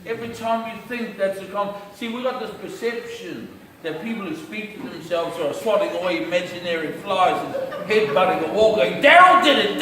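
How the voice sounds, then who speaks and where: A man giving a joking, slangy talk from a stage, teasing the crowd. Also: high voice. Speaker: comedic speaker. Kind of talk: stand-up-style talk to audience. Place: stage in a large hall. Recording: echoey hall from far off, audience noise.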